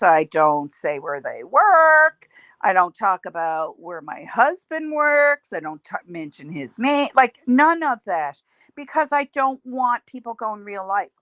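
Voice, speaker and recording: Chatty woman on a bright close livestream. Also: mid-range voice, sing-song, slow pace, no echo. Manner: chatty, rambling, reads out viewer comments. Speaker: livestream host. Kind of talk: casual livestream chat.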